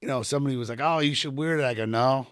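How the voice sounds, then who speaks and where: A man's voice: medium pitch, very fast, no echo, studio quality. A middle-aged retired Army sergeant telling rambling anecdotes full of fillers, quoting people as he goes, in a casual podcast chat. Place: podcast studio room.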